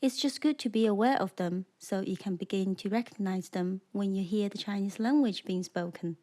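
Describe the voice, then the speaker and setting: A woman narrating a scripted beginner language lesson, speaking slowly and clearly and demonstrating sounds for the listener to repeat. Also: medium pitch, mellow. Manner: slow, clear, demonstrating tones. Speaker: language teacher.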